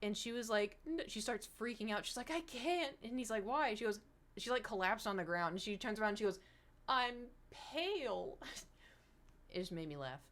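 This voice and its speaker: A young woman chatting casually with viewers on a livestream, rambling and animated, slipping into mocking impressions. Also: mid-range voice, fast talker. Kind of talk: casual stream chat with viewers.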